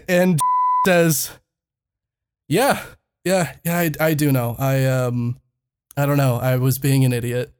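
A man's voice: medium pitch, fairly even intonation, takes it slowly, long pauses, noisy background. A man co-hosting a podcast, telling a story in casual chat, laughing often and swearing freely. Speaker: podcast co-host.

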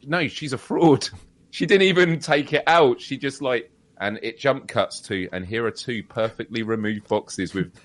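A man's voice: mid-range voice, measured pace. Laughing British man telling stories. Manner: laughs often, animated storytelling with mimicked quotes. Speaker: podcast co-host. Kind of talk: casual chat.

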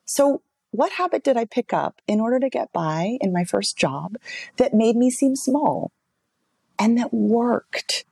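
A woman in her thirties, a voice coach and author, talking in a relaxed interview and telling stories with lively swings in pitch. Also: unhurried, vocal fry, breathy edge, no room sound. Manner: animated storytelling, wide pitch swings, expressive. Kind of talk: casual interview conversation.

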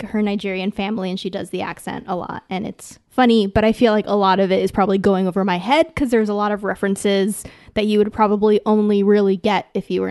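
A woman co-hosting a podcast in casual chat, teasing and quick to laugh. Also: mid-range voice, a little mellow. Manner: teasing and giggly. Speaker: podcast co-host.

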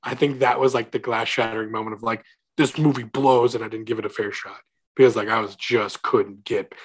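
Rambling husky man chatting about movies. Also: lowish voice, steady tone, brisk. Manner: rambling, hesitant, lots of "like". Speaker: podcast co-host. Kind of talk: casual movie discussion.

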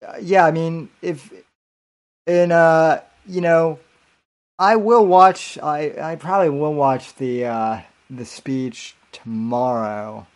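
A man's voice: fairly high pitch, slow pace. A man hosting a casual late-night podcast stream, hesitant and full of fillers and restarts. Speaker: podcast host.

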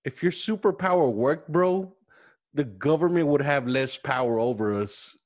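A man's voice: medium pitch, lively intonation, normal speed, darkish tone. A man appearing as a podcast guest, chatting casually in a laid-back way, swearing and calling people "dude". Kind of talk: casual chat.

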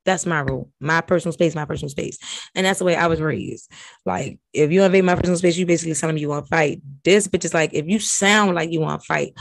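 A woman hosting a podcast, recapping reality TV in brash, profane, animated casual chat. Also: sits low, fast, gravelly, no echo. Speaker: podcast host.

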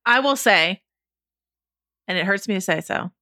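A woman's voice: medium pitch, expressive, a little slow, sharp tone, no room sound, studio quality. A woman co-hosting a podcast, chatting enthusiastically and emphatically about films. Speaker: podcast host. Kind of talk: casual chat.

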